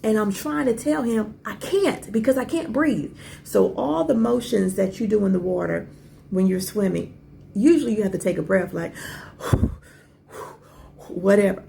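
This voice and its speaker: A woman in her forties, a podcast host, telling a personal story in a casual, animated way with asides and rhetorical questions. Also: medium pitch, gravelly, a little hiss or hum.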